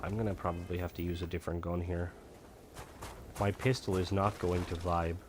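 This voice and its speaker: A man's voice: low voice, little pitch movement, brisk, noisy background. A young man chatting casually while he streams a game, rambling with lots of fillers. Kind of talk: casual gameplay chat.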